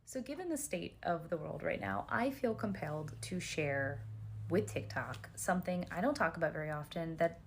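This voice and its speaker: A woman's voice: sits low, animated, normal speed, faint music behind. A woman telling an earnest first-person story for social media, hesitant and full of restarts and fillers.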